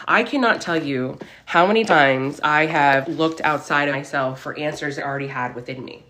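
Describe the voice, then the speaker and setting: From her room, a woman hosts a casual livestream as a spiritual reader, reading viewer comments aloud in an upbeat, affirming way while getting preachy about mindset. Her low voice is a bit bright, she speaks at normal speed with hardly any pauses, and the sound is roomy.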